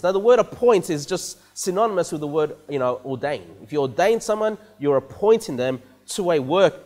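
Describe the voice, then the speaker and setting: A man's voice: a little high, expressive, fairly quick, few pauses, a little mellow. A man preaching a conversational sermon as pastor of a church, often repeating words and checking in with the congregation with "okay?" and "you know".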